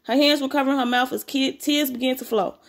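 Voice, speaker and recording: A woman's voice: high-pitched, fairly even intonation, quick pace. A woman reading a story aloud, breaking off for blunt, slangy comments of her own. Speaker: story reader.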